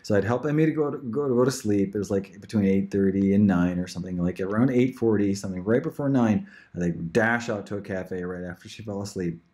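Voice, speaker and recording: A man talking casually about himself in a rambling audition monologue, laughing often and leaping into high pitch. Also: a little fast, hardly any pauses, mellow. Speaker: parent auditioning as a voice actor.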